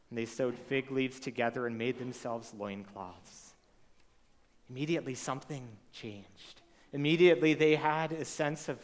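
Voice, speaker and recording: A man preaching a sermon in a mid-pitched voice, speaking to his congregation in a conversational way. He asks the audience rhetorical questions as he goes. His voice carries a long reverb from the large hall around him. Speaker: pastor. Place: church hall with a live congregation.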